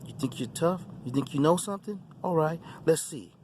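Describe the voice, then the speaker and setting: A man's voice: a little high, expressive, a little fast, noisy background, voice pushed up, close to an everyday voice. A man voicing a menacing male demon leader who taunts and jeers in a raised voice. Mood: taunting. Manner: taunting, jeering.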